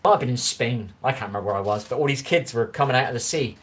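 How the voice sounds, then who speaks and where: A man's voice: mid-range voice, rapid-fire, fairly bright tone. A man in his forties with a strong West Country accent, chatting casually on a home livestream and rambling as he answers viewers' comments. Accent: West Country English. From England. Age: 40s. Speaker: livestream host. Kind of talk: casual live-stream chat. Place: room at home.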